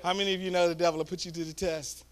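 A man preaching a storytelling sermon, swinging from hushed asides to loud shouts. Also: high voice, little pitch movement, very fast. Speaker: guest preacher. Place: church sanctuary.

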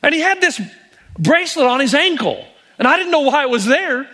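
Man, pastor, sermon delivery; higher pitch, lively storyteller who acts out quotes. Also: fairly quick.

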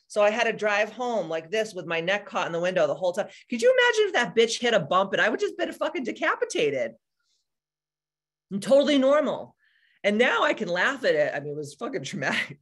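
A woman in her forties, a spiritual coach, talking casually to live-stream viewers in a blunt, profane and candid way. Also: lowish voice. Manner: animated, answers viewers by name.

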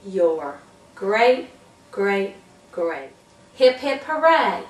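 Lively woman teaching classroom cheers. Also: on the high side, slow pace, roomy sound, far from the mic, low-quality recording. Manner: bouncy, with whoops and sound effects. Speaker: early childhood teacher trainer.

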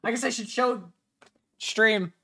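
A man streaming a game with friends, loud and excitable, swearing often in casual chat. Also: sits high, slow pace, vocal fry, husky.

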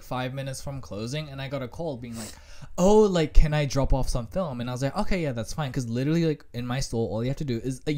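A young adult podcast co-host telling a work story in casual chat, profane and animated, acting out quotes. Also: mid-range voice.

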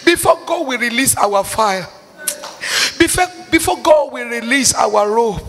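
A man's voice: extremely high pitch, expressive, measured pace, a bit bright, big-room sound, slight background noise. A man preaching a fervent sermon, reading scripture aloud and crying out pleading prayers that slide into a half-sung chant. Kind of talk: impassioned sermon with Bible reading.

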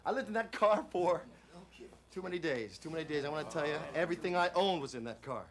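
A showy infomercial self-help guru. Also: male voice, animated, fast talker, crowd noise. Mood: confessional. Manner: showman pitch, repetitive motivational cadence. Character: flamboyant middle-aged male infomercial self-help guru. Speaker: infomercial host. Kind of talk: film infomercial performance.

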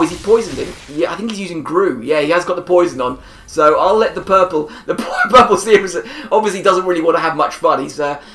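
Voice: mid-range voice, fairly bright tone. A gamer talks through an online match in a loose, rambling way, often breaking into laughter. The voice sits in a middling register and carries a noticeable room echo. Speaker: gameplay commentator. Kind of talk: casual gameplay commentary. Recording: roomy echo.

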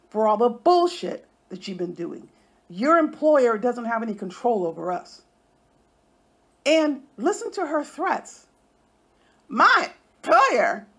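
A woman hosting an online commentary show, ranting in an indignant, confrontational way and swearing freely. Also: on the high side. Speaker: YouTube commentary host.

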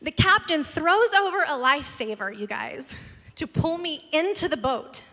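A woman pastor telling a self-mocking story in a lively sermon. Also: sits high, normal speed. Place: church sanctuary. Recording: large hall with long reverb.

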